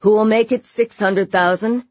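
A woman voicing a male auctioneer who loudly chants out bids. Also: medium pitch, slightly rough, lo-fi sound, exaggerated voice. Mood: booming. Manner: loud, rapid chanting of bids.

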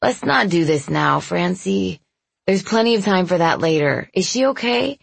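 A woman's voice: fairly low pitch, expressive, normal speed, gravelly, slightly rough, no echo, heavily acted. A woman voicing a tired, guarded young mother. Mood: tired casual. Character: weary injured young mother, brisk and guarded.

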